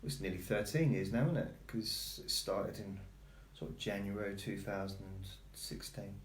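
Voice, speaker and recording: A man's voice: lowish voice, measured pace, roomy sound, a little hiss or hum. A man rambling casually to his viewers and his cat on a live stream from home. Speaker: vlogger.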